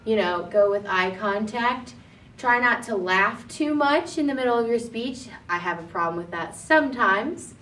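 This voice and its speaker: A young woman giving a classroom presentation, demonstrating by swinging between upbeat and deliberately somber delivery. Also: fairly high pitch, expressive, fairly bright tone, slight background noise. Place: classroom with a blackboard. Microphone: far camera. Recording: echoey classroom from far off.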